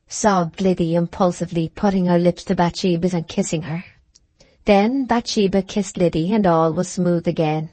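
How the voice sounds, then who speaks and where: A woman reading a classic novel aloud as an audiobook narrator, in a measured, even manner. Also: lowish voice, no room sound. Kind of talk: scripted narration.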